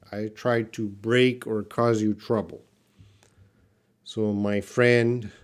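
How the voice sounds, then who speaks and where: Slow-paced English teacher man. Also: mid-range voice, darkish tone. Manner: patient, explains with short example sentences. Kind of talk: live Q&A lesson, reading viewer comments.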